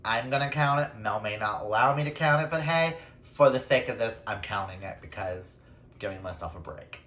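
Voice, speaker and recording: A man's voice: on the low side, fairly quick, a bit bright. A man chatting casually through a book wrap-up, self-deprecating, with playful asides. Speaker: book reviewer. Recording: roomy echo.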